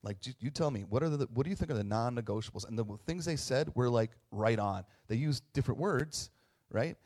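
A man's voice: medium pitch, animated, a little fast, a little mellow. A man in his thirties, a pastor, giving a casual conversational sermon, chatty with tag questions and restarts, joking at his own expense. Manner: self-deprecating humor.

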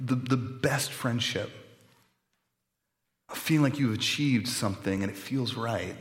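Male pastor, 30s, heartfelt conversational sermon, mid-pitched voice, reverberant sanctuary. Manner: earnest, conversational with emotional swells. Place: church sanctuary. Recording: long church reverb.

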